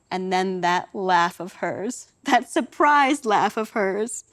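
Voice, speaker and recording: A woman's voice: mid-range voice, animated, takes it slowly, hardly any pauses, a bit bright. An older woman performing a wry, dramatic storytelling monologue on a theatre stage.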